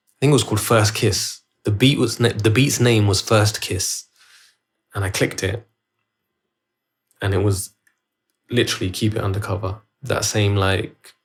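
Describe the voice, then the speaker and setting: A man hosting his own podcast, telling a story in a rambling, loose way with many restarts. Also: fairly low pitch. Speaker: podcast host. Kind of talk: casual solo podcast storytelling. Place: at home, filming himself.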